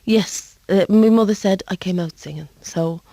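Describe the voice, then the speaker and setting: A woman's voice: mid-range voice, moderate pace, mellow, no echo. A woman from Dublin with a Dublin Irish accent, a singer chatting and laughing as a radio interview guest. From Ireland. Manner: chatty, laughing, self-deprecating.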